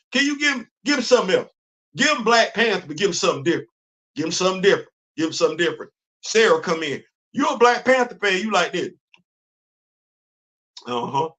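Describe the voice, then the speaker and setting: This show host is a man with a high-pitched voice who performs pretend conversations. He talks in a relaxed, energetic monologue using informal African American Vernacular English.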